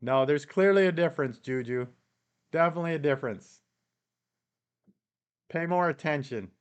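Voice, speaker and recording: A man with a Canadian accent runs a casual live stream, voicing viewers' comments and responding one by one with plenty of chuckles. He talks at a moderate pace in a clean tone, his pitch a bit above the usual male range.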